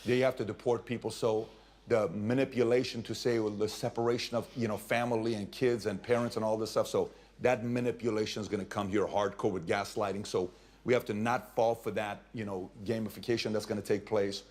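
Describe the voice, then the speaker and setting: A man explaining economics through a salesman's hypothetical, animated and persuasive. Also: lowish voice, a little fast.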